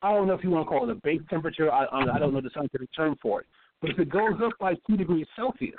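A man's voice: on the high side, animated, racing, noisy background. A man co-hosting a casual political chat podcast, explaining his points with stammering restarts. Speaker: podcast co-host. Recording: tinny phone-like sound.

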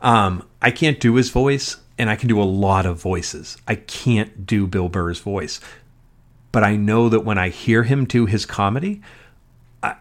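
A man's voice: on the low side, measured pace. A man hosting his own podcast, talking alone in a rambling, profane way with frequent ums. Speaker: podcast host. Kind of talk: solo podcast monologue. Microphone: podcast mic.

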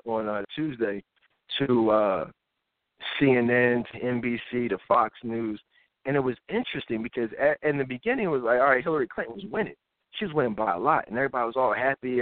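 A man's voice: medium pitch, no room sound. Guy doing casual commentary on his live show, swings up and down a lot, dry tinny audio. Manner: animated, mimics others in voices. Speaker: host of a live talk show.

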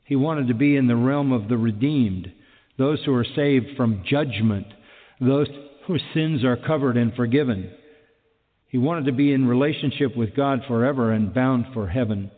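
A man's voice: medium pitch, normal speed, big-room sound, phone-quality sound. A man preaching a sermon emphatically, repeating key phrases and asking rhetorical questions.

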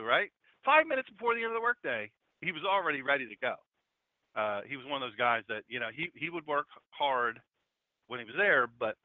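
Middle-aged male preacher, lively storyteller, thin lo-fi dry recording. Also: fairly high pitch, dry recording. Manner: storytelling, acts out quotes. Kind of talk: conversational sermon. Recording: tinny phone-like dry sound.

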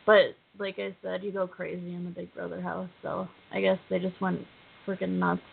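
A woman's voice: lowish voice, level tone, moderate pace, gravelly, slightly rough. A woman co-hosting a podcast, chatting casually and bluntly. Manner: blunt, dismissive. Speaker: podcast co-host. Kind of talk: casual chat recapping a reality show. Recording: tinny phone-like line.

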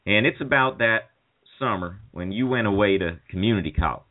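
A man's voice: on the low side, a little fast, pitched below the performer's own voice, lightly acted. A man doing an impression of a goofy young buddy pleading at a friend's sickbed, in a put-on drawl. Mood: rambling confession. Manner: pleading, rising to frantic yelps. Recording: phone-like call audio.

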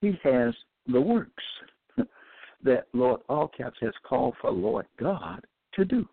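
A man giving a halting religious teaching, full of fillers and restarts, who slows down and stresses each word when he quotes scripture. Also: medium pitch, very animated, creaky, breathy edge, no room sound. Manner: emphatic, drawn-out scripture quoting. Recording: tinny phone-line audio, dry.

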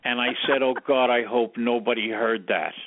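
A man's voice: mid-range voice, moderate pace. A man, a former studio sound engineer, telling anecdotes casually in an interview and acting out the dialogue. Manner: animated storyteller who acts out quoted dialogue. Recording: tinny phone-like radio audio.

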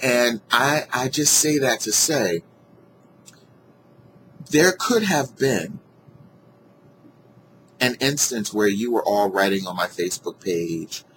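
A man casually telling a personal story to his viewers, earnest and heartfelt, animated when he retells what people said. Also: mid-range voice, slow, pauses often, slight background noise, poor audio. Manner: animated, acts out quoted dialogue in a raised voice; earnest and heartfelt about gratitude. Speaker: vlogger sharing a personal story.

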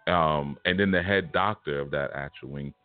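With a very deep, smooth voice at a moderate pace, a man delivers a casual spiritual lesson, sharing a personal story in blunt, streetwise slang. The audio has no room sound but is tinny and phone-like, with faint music.

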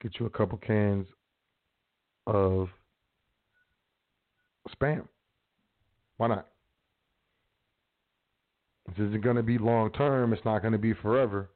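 A man's voice: on the low side, fairly even intonation, slow, pauses often. A man hosting a show, talking in a rambling, slangy, casual advice monologue. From South Side of Chicago. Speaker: host. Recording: phone-like narrow sound.

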